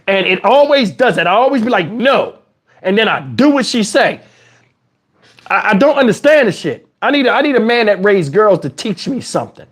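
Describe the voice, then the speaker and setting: A man telling a casual story on a livestream, swearing freely and talking straight to his listeners. His voice sits high for a man. His pitch swings widely from phrase to phrase. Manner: animated, profane, conversational.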